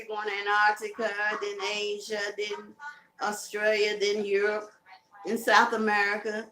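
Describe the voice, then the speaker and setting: A woman's voice: mid-range voice, fairly bright tone, echoey room, a little hiss or hum, rough recording. A woman with a Southern US accent, hosting a casual live stream, chatting, laughing and reading out viewer comments. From Carolinas, US South. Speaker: live-stream host promoting a music tour.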